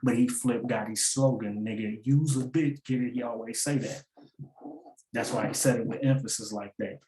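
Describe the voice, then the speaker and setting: A man talks casually through rap lyrics line by line, slangy and loose, keeping his points going with repeated lines and a running "get it?". His voice is mellow and low-key. It sounds like a roomy space with plenty of echo. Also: fairly even intonation, normal speed. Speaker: battle rap breakdown host.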